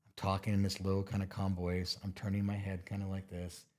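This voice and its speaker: A man with a notably low-pitched voice talks easily as an interview guest. He explains in a relaxed, conversational way and sometimes acts out little scenes to make a point. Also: fairly quick. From Montana. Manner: relaxed, explains with playful acted-out asides. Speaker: bear expert guest. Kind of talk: casual interview talk.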